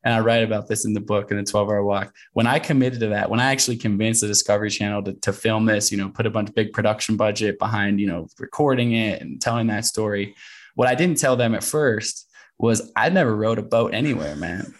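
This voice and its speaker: A man, a guest on a podcast, telling adventure stories in a lively way and acting out his own inner voice. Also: on the low side, fast. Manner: animated storyteller who acts out his inner voice. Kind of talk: podcast conversation.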